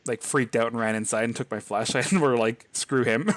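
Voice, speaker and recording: A man's voice: mid-range voice, brisk, no echo. Rambling man telling a scary story. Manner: rambling, lots of "like", laughs while telling. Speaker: podcast host. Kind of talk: casual storytelling.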